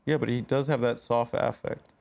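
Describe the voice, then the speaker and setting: A man with a mid-pitched, gravelly voice co-hosts a comedy podcast. He's playful and stubborn, pushing his goofy bits in loose banter. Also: steady tone, moderate pace, darkish tone, slight background noise. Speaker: podcast co-host.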